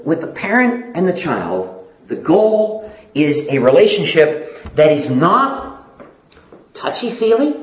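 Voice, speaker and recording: Pleading preacher in an echoey room. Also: male voice, sits high, darkish tone. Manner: pleading, emphatic, repeats phrases for stress. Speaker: pastor. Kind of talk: sermon.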